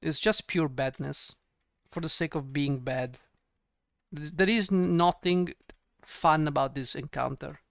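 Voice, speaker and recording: A man's voice: fairly high pitch, unhurried, gravelly, fairly bright tone, no room sound. A man giving ranting gameplay commentary, exasperated and sarcastic, swearing often. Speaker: let's play gamer.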